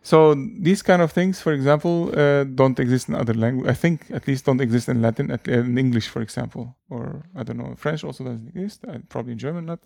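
A man's voice: mid-range voice, brisk, gravelly, hardly any pauses, darkish tone, no room sound. Hesitant man explaining, dry sound. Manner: hesitant, many fillers and restarts. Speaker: language teacher. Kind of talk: casual explaining.

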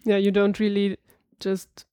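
A woman's voice: mid-range voice, completely flat delivery, unhurried, warm tone, clean tone, no room sound. A woman chatting casually as a learner, thinking aloud in a tentative way. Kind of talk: casual chat.

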